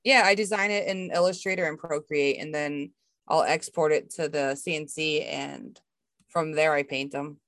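A young woman from Massachusetts, a woodworking artist with a Boston accent, chats casually over a video call about her work and laughs often. Her voice is low yet fairly bright, with fairly even intonation and a moderate pace, and there's no room sound.

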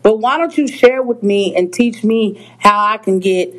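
Woman podcast co-host, casual chat, animated, medium pitch. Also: unhurried, rough recording. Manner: animated, jumps to high pitch in acted quotes.

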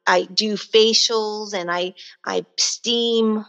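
A woman with a New York accent talks casually as an interview guest. She laughs easily and often restarts her sentences, and her voice sits at a middle pitch. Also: steady tone, slow, a bit bright, muffled recording. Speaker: guest entrepreneur.

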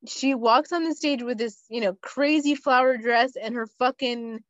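A woman co-hosting a podcast, telling loose stories and swearing often as she laughs through them. Her voice sits fairly high, and the sound is dry and a little muffled. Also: moderate pace, a bit bright, no room sound. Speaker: podcast co-host. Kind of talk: casual chat.

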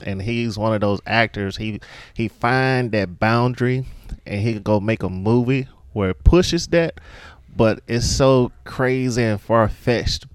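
A man's voice: mid-range voice, a little slow, clean tone, dry recording. A man talking casually about a movie he loves, laughing often and acting out favorite lines. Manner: animated, laughs often, acts out quotes. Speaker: guest.

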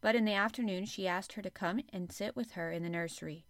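A woman hosting a podcast, reading a classic novel aloud in measured storytelling narration. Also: mid-range voice, a bit bright, dry recording. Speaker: podcast host and reader.

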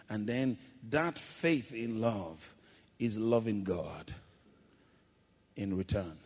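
A male pastor delivering a sermon with call-and-response, shifting between loud exhortation and quiet, drawn-out emphasis. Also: on the low side. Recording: long hall reverb.

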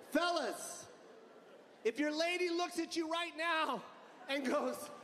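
Male stand-up comic, high-pitched, loud, foul-mouthed, shouty punchlines; live arena mic with crowd noise. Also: takes it slowly, echoey room, in a large hall. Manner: profane, brash delivery. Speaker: stand-up comedian. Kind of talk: stand-up comedy. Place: large live arena stage. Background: audience laughter and crowd ambience.

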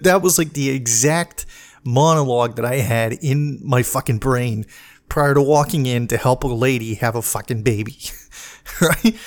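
A man's voice: medium pitch, gravelly. A man ranting in a casual podcast monologue, swearing freely and exasperated, sometimes mocking other people in put-on voices. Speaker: podcast host, medic.

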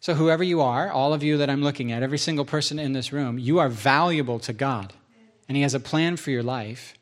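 A man's voice: medium pitch, a little fast. A male pastor preaching a sermon, listing points, repeating them for emphasis and making joking, self-deprecating asides.

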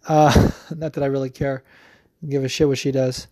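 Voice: mid-range voice, little pitch movement, moderate pace, mellow, no room sound, clean studio sound. A podcast host in a casual, profane opinion rant, rambling with lots of fillers. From United States.

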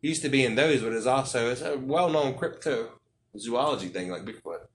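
A man's voice: mid-range voice, animated, moderate pace, slight background noise. A man hosting a podcast interview, joking, rambling and swearing freely. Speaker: podcast host. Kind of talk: casual interview chat.

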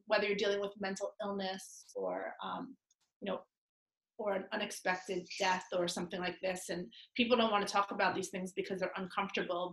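A woman's voice: mid-range voice, a bit bright. Woman, middle-aged, nasal, chatty guest, fillers and laughs, roomy echo. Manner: chatty, upbeat, laughs often, many fillers. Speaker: guest, divorce lawyer and coach. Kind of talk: casual interview answers.

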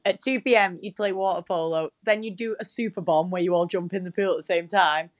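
A woman's voice: fairly low pitch, a little fast. A young woman co-hosting a podcast in casual chat, blunt and teasing, with frequent swearing. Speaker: podcast co-host.

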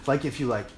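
A man's voice: fairly high pitch, gravelly. A young man chatting casually on a podcast, laughing often and rambling through his thoughts. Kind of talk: casual crude chat. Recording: noisy room recording.

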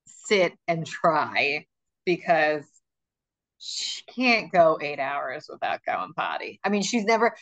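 This woman co-hosts a podcast, laughing frequently as she swaps stories in casual conversation. She speaks with a fairly low pitch and a fairly bright tone.

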